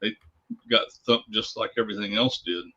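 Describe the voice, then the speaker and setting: Husky low-voiced man on a dull call line. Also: fairly even intonation, moderate pace, bright, forceful tone. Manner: easygoing, plainspoken, mutters to himself. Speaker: guest trader on a video call. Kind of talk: casual trading chat.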